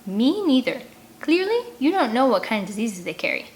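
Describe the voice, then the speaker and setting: A woman's voice: a little high, very animated, a little fast, slight background noise, pitched above the performer's own voice, low-quality recording. A woman voicing an anxious, jumpy boy who talks in a worried, insistent way.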